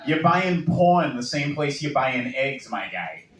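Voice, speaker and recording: A man's voice: medium pitch, very animated, unhurried, fairly bright tone. A man from Boston with a Boston accent doing a stand-up comedy set, bantering loosely with the crowd and laughing between jokes. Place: bar or small venue with live crowd. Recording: echoey room, distant mic, faint noise.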